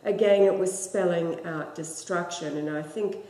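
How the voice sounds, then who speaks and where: A woman co-hosting a casual chat, speaking in a measured, calm way. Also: fairly low pitch. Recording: roomy echo.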